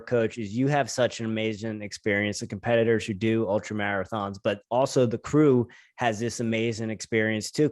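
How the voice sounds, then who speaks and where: A man's voice: fairly low pitch, no echo, studio quality. A man hosting a podcast, talking in a friendly way while he searches for words. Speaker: podcast host. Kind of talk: casual interview chat.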